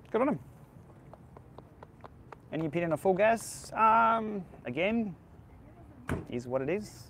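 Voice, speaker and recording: A man's voice: mid-range voice, creaky, slight background noise. A man hosting a casual live-stream Q&A outdoors by the beach, answering viewer questions in a candid, laid-back way. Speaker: cycling tech channel host.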